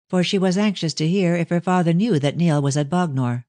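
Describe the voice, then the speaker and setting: A man reading a mystery novel aloud as an audiobook narrator, in a steady storytelling manner. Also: a little high, a little fast, few pauses, no echo, studio quality.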